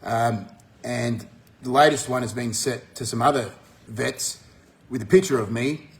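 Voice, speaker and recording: An Australian man talking bluntly to his viewers, swearing often and jumping up in pitch when he gets fired up. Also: vocal fry. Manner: forceful, swears freely, rises sharply when fired up. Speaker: vlogger. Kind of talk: blunt monologue to camera.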